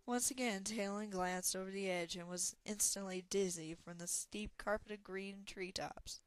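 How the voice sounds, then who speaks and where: A woman's voice: medium pitch, fairly even intonation, moderate pace, smooth, dry recording. Woman reading a storybook aloud. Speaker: narrator. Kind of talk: audiobook reading.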